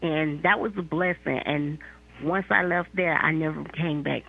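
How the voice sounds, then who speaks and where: A woman's voice: low voice, steady tone, moderate pace, creaky, slightly rough. A woman calling in to a talk show, speaking earnestly with small hesitations. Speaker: caller. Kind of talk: call-in comment. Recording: phone line.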